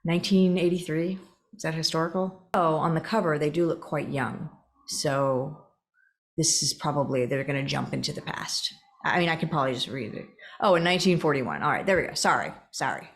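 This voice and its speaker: A woman's voice: sits low, fairly quick. A young adult woman reading the openings of novels aloud, breaking off for chatty, self-mocking asides. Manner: chatty, laughs at herself, breaks off to comment. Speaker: book reader and channel host.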